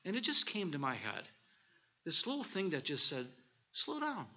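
A man, a minister, preaching a sermon with animated storytelling and scripture reading, on a dull lo-fi recording. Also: fairly high pitch, moderate pace.

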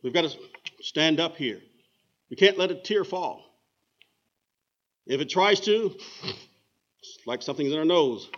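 A man preaching a sermon in an emphatic voice, slowing down to dwell on key words. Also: on the high side, animated. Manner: emphatic, with slow dramatic phrasing. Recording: dull lo-fi recording.

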